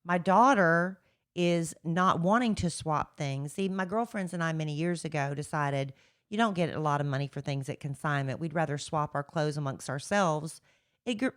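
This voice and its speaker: Middle-aged woman, low-pitched co-host, chatty rambling storyteller. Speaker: podcast co-host. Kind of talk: casual chat.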